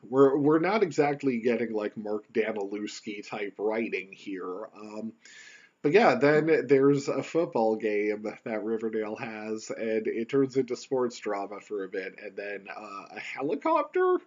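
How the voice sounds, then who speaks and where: A man rambles wryly and jokingly through a casual solo podcast recorded on his home computer. His animated pitch rises and falls a lot, he speaks a little slowly, and the audio sounds dull and lo-fi.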